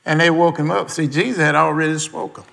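A man's voice: fairly high pitch, steady tone, fast talker, creaky, fairly bright tone. A man preaching a sermon, quizzing the congregation with questions and folksy asides, in everyday dialect grammar.

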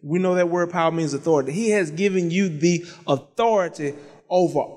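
A man's voice: high-pitched, quick pace, a little mellow, in a large hall. A man preaching in a church, telling a personal testimony with many amens and half-sung repeated phrases. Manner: conversational storytelling with frequent amens. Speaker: pastor. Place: church sanctuary.

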